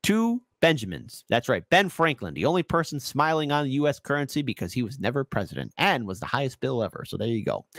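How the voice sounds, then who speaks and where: A man hosting a ranting political commentary show, sarcastic and animated, with mocking asides. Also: mid-range voice, no room sound.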